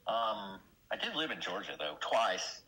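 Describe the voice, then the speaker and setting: Lively Southern-accented man, bright voice. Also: fairly low pitch, a little slow, breathy edge, rough recording. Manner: folksy, rambling, lively storyteller. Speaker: stream regular. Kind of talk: casual voice chat.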